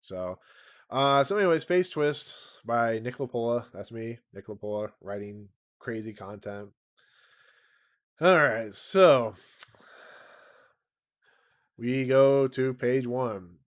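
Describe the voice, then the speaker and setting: A man's voice: mid-range voice, slow pace, long pauses. Rambling man on a home livestream. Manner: rambling, self-deprecating, laughs often. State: raspy voice. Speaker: channel host. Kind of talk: casual livestream chat.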